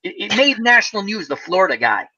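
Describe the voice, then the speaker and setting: Animated storytelling man, bright lo-fi voice. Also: high-pitched, quick pace, breathy edge. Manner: animated, acts out quoted voices, laughs often. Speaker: host. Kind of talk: casual storytelling chat. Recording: lo-fi muffled audio.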